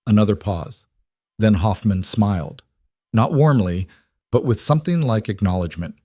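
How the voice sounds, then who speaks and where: A man reading a scripted story in a steady, even narration. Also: fairly low pitch, normal speed, no room sound, studio quality.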